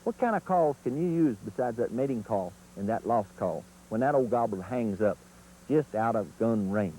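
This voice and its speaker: A man with a mellow, dark voice gives a hunting lesson on camera. He talks in a folksy, plain-spoken way, and his pitch rises and falls a lot as he explains and demonstrates. A faint hiss sits behind him. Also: expressive, normal speed, poor audio. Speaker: turkey calling instructor. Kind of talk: instructional video demonstration.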